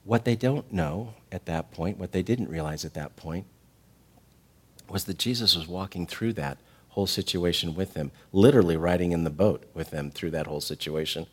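A middle-aged man preaching a sermon, animated, rising to loud emphatic peaks and falling to soft, tender passages. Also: sits low, normal speed, breathy edge. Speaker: pastor.

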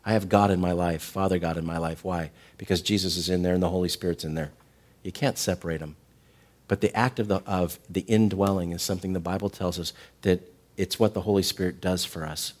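A middle-aged man delivers a sermon in a fairly low voice. He preaches with real animation, climbing to loud, emphatic peaks before dropping back into soft, tender stretches. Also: fairly even intonation, fairly quick. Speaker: pastor.

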